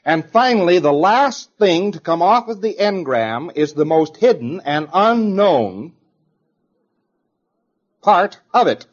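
A man's voice: high-pitched, animated, slow, lo-fi sound. A man giving an informal lecture in a conversational, digressive way, now and then acting out example voices.

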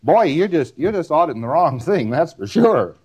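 A man's voice: a little high, big pitch swings, normal speed, a little mellow, breathy edge. A man giving a recorded lecture, rambling and repeating words in rhythmic runs, often ending on a tag question.

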